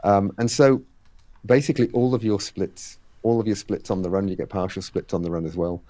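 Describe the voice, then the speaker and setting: A man's voice: lowish voice, steady tone, fairly quick, dark tone, no echo. A man being interviewed on a podcast, explaining at length with many fillers and quoted exchanges. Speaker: guest, head of a fitness race series.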